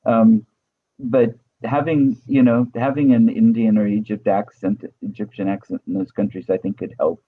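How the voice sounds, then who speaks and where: A man's voice: on the low side, steady tone, normal speed, husky. Guy hosting an interview over a call, sounds tinny like a phone, easygoing and curious. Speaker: host. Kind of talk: interview conversation.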